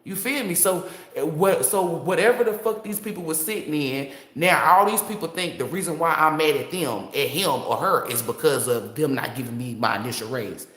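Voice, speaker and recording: A woman's voice: deep voice, moderate pace, hardly any pauses, fairly bright tone. A woman tarot reader talking straight to her viewers in a blunt, profane, fired-up unscripted monologue. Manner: blunt, profane, fired-up storytelling with rhetorical asides. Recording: roomy echo.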